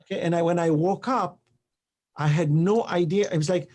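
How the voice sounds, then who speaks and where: A man's voice: high-pitched, moderate pace. A man speaking as a guest on a talk show, earnest and emphatic, telling stories with quoted exchanges. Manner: animated storytelling with quoted exchanges. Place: live online show.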